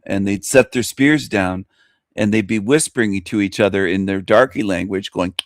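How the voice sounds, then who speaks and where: A man's voice: lowish voice, moderate pace, no room sound, studio quality. A man hosting an internet talk show, delivering a boastful, taunting monologue and laughing at his own lines. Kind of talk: provocative monologue rant.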